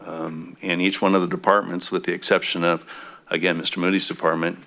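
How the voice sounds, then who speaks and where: A man on a city council giving remarks at a public meeting, speaking haltingly with many fillers, his voice a bit throaty. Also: low voice, level tone, vocal fry, bright, forceful tone. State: throaty coffee voice.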